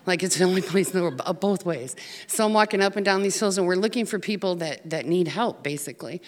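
A woman's voice: fairly low pitch, fast talker, in a large hall. An American woman telling a personal story in an earnest way, with some fillers, to a room. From United States. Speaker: speaker telling of volunteer work.

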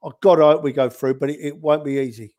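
A man's voice: fairly high pitch, fairly even intonation, fast, mellow. A man, a regular on a fan podcast, rambling and teasing his co-host with slang. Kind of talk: casual banter.

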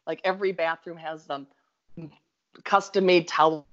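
A woman with a Minnesota accent telling a story in a casual chat, animated and quick to laugh. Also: fairly low pitch. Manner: animated, laughs often, talks in bursts. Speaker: guest storyteller. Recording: slightly dull lo-fi audio.

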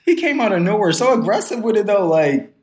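A woman's voice: mid-range voice, animated, a little fast, darkish tone. A woman guest on a podcast, chatting casually in laid-back slang and laughing often. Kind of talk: casual chat.

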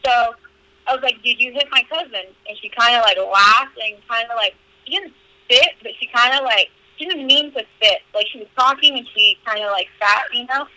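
A young woman talks through stories on a podcast, candid and profane, with "like" in every other phrase. Her voice is very bright and forward. The sound is dry and close, with no room in it. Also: fairly high pitch, moderate pace, dry recording, rough recording. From California. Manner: candid, profane, lots of "like" fillers. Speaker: podcast guest. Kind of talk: casual storytelling interview.

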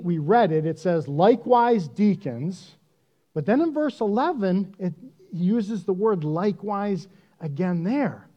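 A man preaching a sermon in a conversational, self-deprecating and animated way. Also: high-pitched, muffled recording. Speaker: pastor.

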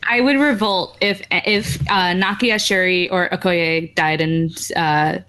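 A woman co-hosting a casual movie podcast, excitable and gushing. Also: lowish voice. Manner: excitable, gushing, quick to laugh. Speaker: podcast co-host.

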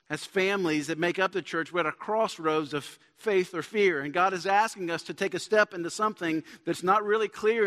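A man's voice: a little high, a bit bright. A man preaching a sermon as pastor in a church, earnest and building to emphatic points. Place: church sanctuary. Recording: long church hall reverb.

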